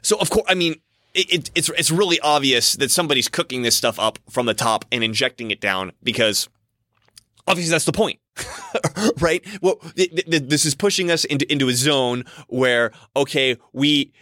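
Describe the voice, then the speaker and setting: Give me a man with a bright voice musing aloud in a loose, repetitive monologue. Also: mid-range voice, expressive, moderate pace, dry recording, clean studio sound. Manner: rambling, repeats himself, frequent restarts. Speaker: commentator. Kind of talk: casual monologue.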